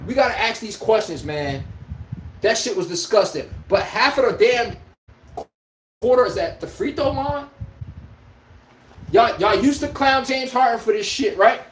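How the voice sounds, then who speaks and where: A man's voice: high voice, animated, unhurried, pauses often, a little hiss or hum. A man hosting his own podcast, ranting about basketball with profanity and rhetorical questions, speaking. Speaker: podcast host. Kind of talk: ranting sports commentary. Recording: echoey room.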